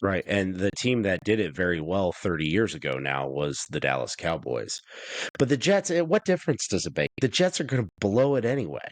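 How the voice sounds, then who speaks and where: A man's voice: deep voice, sing-song, fairly quick, no room sound. A man co-hosting a sports podcast, ranting bluntly about football teams in casual chat. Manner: blunt, ranting, swears freely. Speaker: podcast co-host.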